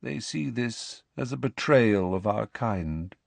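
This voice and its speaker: Man voicing a calm, aloof centaur sage. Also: lowish voice, creaky, no echo, full character voice. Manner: calm, measured, quietly disdainful.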